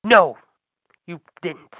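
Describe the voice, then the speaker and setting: A man's voice: drawn-out words, dry recording. A man hosting a wrestling podcast, ranting in a profane, sarcastic and fired-up way. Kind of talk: ranting commentary. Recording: dull lo-fi dry recording.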